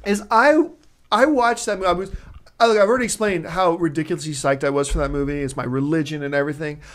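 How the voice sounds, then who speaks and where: A young adult man hosting a movie talk show in casual chat, telling stories in an excitable, animated way. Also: fairly high pitch, fast.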